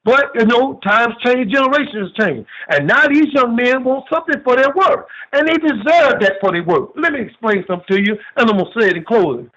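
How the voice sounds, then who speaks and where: A man's voice: extremely high pitch, animated, fairly quick, hardly any pauses, sharp tone, highs cut off. A man calling in to a sports show, folksy and rambling, telling long funny stories. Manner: folksy, repetitive, tells long funny anecdotes. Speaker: caller. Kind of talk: rambling call-in storytelling.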